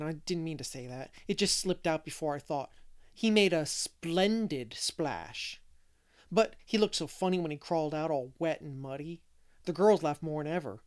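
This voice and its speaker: A man's voice: fairly high pitch, a little mellow, close to an everyday voice. A man voicing a chatty, mischievous little boy who rambles and keeps asking questions. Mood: chattering.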